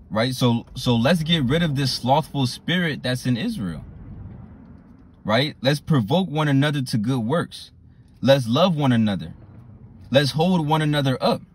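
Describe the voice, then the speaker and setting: A man preaching a sermon, repeating "right?" and "you know" often and reading scripture slowly. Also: mid-range voice, husky. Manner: slow drawn-out scripture reading.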